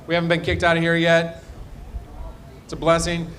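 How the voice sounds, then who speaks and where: Rambling stand-up comic doing crowd work. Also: male voice, completely flat delivery, normal speed, fairly bright tone. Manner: rambling, self-deprecating banter, trailing off low. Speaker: stand-up comedian. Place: live comedy show.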